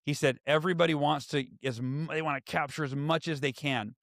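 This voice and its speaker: A man in his forties telling stories as a podcast guest and author, lively and acting out what others said. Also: fairly high pitch, a little fast, dry recording, studio quality. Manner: animated, acts out quoted voices. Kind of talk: storytelling in conversation.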